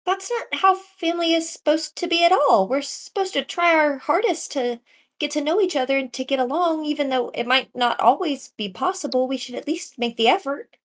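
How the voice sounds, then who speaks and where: A woman's voice: high-pitched, normal speed, a bit bright. A woman playing an earnest, socially awkward young female adventurer who talks politely and apologizes a lot. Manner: polite, eager, overly apologetic.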